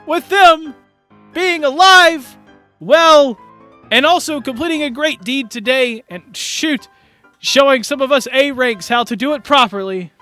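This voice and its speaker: A man voicing a boisterous guild leader who raises a loud, rallying toast. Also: very high-pitched, expressive, normal speed, hardly any pauses, clear, resonant tone, faint music behind, voice pushed up, exaggerated voice. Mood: rousing.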